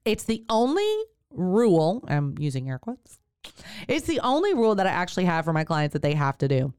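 A woman hosts a podcast, telling her story and advising listeners in a chatty, direct way. Her voice sits low and sounds smooth and resonant. The recording is dry, with no room sound. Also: sing-song, normal speed, darkish tone, dry recording. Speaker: podcast host and birth worker. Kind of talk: casual storytelling and advice.

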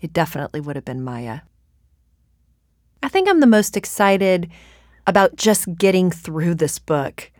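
Casting: heartfelt woman, slightly low voice, dry studio mic. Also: big pitch swings, unhurried, long pauses, a little mellow, dry recording. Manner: earnest, heartfelt, laughs at herself. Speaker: audiobook author. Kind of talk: recorded author interview.

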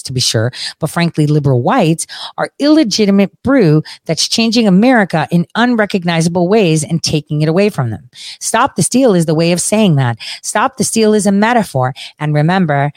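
A woman's voice: low voice, a little mellow, dry recording. A woman giving political commentary. She reads out an interview and argues back at it in an emphatic, combative way, speaking straight to her audience. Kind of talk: reading an interview aloud and commenting on it.

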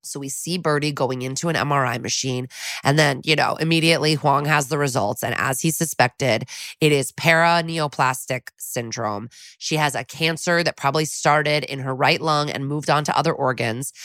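A woman's voice: low voice, normal speed, fairly bright tone, no room sound, clean studio sound. A woman co-hosting a podcast, casually recapping a TV episode with chatty, wry asides. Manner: chatty, wry asides while retelling scenes. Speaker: podcast co-host.

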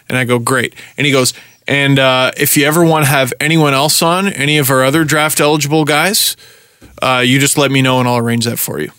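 Animated, swearing man telling a story. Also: mid-range voice, fairly quick, clean tone, no echo. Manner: animated, profane, acts out his own ranting. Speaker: podcast host. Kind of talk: casual storytelling chat.

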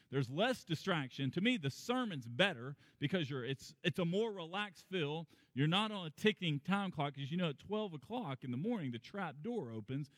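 A man delivers a sermon in a loose, conversational way. His voice sits a little high and climbs higher and louder on the points he stresses. He is close to a dry mic, with a faint, long hall reverb behind him. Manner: conversational preaching that climbs in pitch and volume for emphasis. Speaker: pastor.

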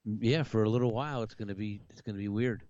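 A man with a low voice chats hesitantly and keeps filling his sentences with "you know". His line sounds slightly dull and muffled, and the recording is dry with no room echo. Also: fast, warm tone. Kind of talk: casual conversation.

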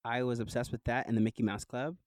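Animated storytelling man from New Jersey. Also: medium pitch, fast, no room sound, low-quality recording. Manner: animated storyteller, laughs often, fillers like "like". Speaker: guest. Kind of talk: casual interview chat.

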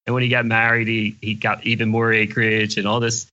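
A man's voice: fairly low pitch, completely flat delivery, fairly quick, pushed and bright, muffled recording. An older man, a guest investor on a podcast, answering questions in an easygoing, plain-spoken way. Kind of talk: casual interview chat.

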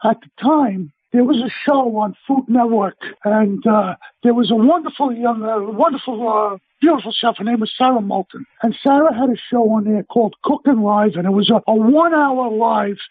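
A middle-aged man, a chef telling blunt, animated stories in a phone interview. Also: very high voice, normal speed, hardly any pauses, husky, no echo. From United States. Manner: brash, blunt, animated storyteller. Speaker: celebrity chef, interview guest. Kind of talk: casual phone interview storytelling. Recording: tinny phone line.

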